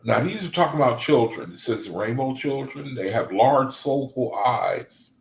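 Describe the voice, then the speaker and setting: A man reading aloud to a study group and commenting, excitable and gushing with exclamations. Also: mid-range voice, normal speed, reverberant, low-quality recording.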